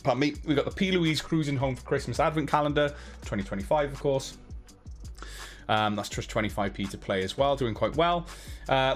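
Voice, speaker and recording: A man hosting a giveaway livestream, chatting casually to his viewers in a loose, rambling way full of fillers and restarts. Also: medium pitch.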